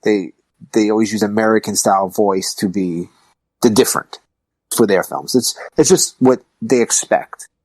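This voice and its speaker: A man's voice: fairly low pitch, fairly even intonation, moderate pace, a little mellow, dry recording. A man hosting a podcast in casual chat, joking and swearing freely. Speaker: podcast host.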